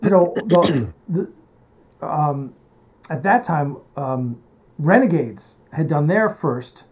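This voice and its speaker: A man's voice: fairly high pitch, animated, slow, a little mellow, dull audio. A man hosting a casual interview, rambling and thinking aloud while handling things on his computer. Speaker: host and producer.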